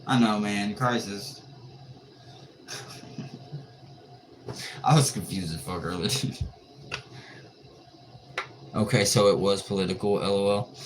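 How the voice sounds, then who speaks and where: A man's voice: fairly low pitch, lively intonation, very slow, long pauses. A tired man chatting casually on a late-night livestream, joking and answering viewers' comments in a laid-back way. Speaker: livestream host. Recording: noisy livestream audio.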